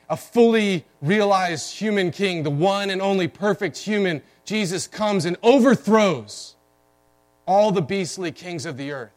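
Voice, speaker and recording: A man delivers a sermon from the pulpit, working through a scripture passage point by point. His voice sits a little high for a man, and he leans on key words with emphasis, often restarting phrases as he explains. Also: rough recording. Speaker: pastor.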